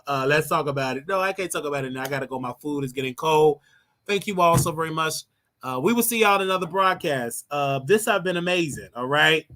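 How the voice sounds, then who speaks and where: Bright, higher-voiced man chatting on a livestream. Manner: playful, rambling, teasing. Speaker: livestream host. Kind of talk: casual livestream chat.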